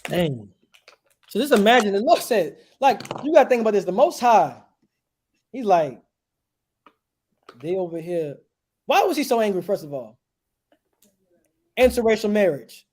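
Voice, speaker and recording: Animated man preaching with rhetorical questions. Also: high-pitched, a little slow, pauses often. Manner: emphatic, questioning, with rhetorical call-and-response. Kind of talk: street sermon.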